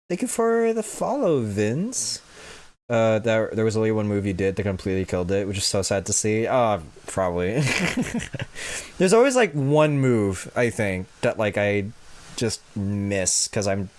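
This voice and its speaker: A man's voice: on the low side, expressive, unhurried, a little mellow. A man streaming a puzzle game, chatting casually and rambling through self-corrections with the odd swear. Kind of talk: casual gameplay commentary.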